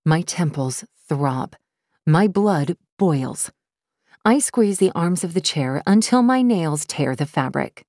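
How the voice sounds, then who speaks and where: A woman's voice: fairly low pitch, lively intonation, slow pace, darkish tone, no echo. A woman giving tense, intense first-person audiobook narration, close to the mic. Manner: tense and intense, rising sharply when voicing the heroine.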